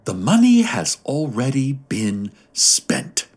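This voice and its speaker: A chorus of serene wild beings murmurs in soft, musical tones, as a man puts them on. Each phrase drifts out slowly and gently. The voice is breathy and low-key. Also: wildly swooping pitch, heavily acted.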